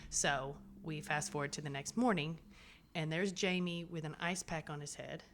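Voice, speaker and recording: A woman hosting a podcast, recapping a TV episode in casual chat with sarcastic asides and quick acted-out lines. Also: low-pitched, steady tone, a bit bright. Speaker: podcast host.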